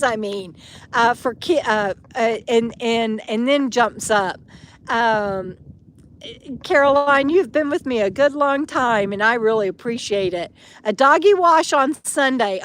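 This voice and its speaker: A woman chatting casually on a live stream, reading viewer comments aloud with many pauses and fillers, outdoors at a camp. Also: sits high, fairly bright tone. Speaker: vlogger answering live chat.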